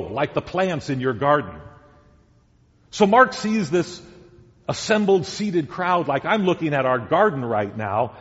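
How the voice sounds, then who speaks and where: A man preaching a sermon as pastor, deliberate and emphatic, repeating key words. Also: on the high side, sing-song. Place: church sanctuary. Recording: dull sound with long church reverb.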